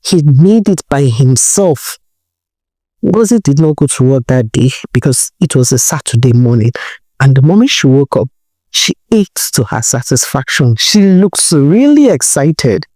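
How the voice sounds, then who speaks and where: A woman storyteller narrates a folk tale, chatty and animated, with a pitch that rises and falls freely. Her voice is mellow and warm. The sound is dry and close to the mic. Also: a little slow, dry recording. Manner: conversational, expressive, animated.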